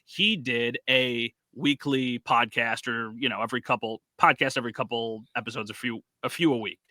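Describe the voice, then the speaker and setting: Bright-voiced man telling a story. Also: mid-range voice, moderate pace, no echo. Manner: animated storyteller, acts out quotes. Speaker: podcast co-host and sports reporter. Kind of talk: casual podcast chat.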